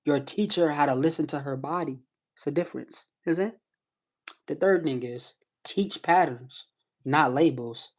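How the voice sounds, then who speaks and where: A man's voice: on the high side, normal speed. A man coaching callers on a live stream, speaking in firm, repetitive phrases. He keeps checking in with his listener and stresses each point with the same catchphrases. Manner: emphatic, repeats "you know what I'm saying". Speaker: live stream host giving advice. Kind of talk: casual coaching talk to callers.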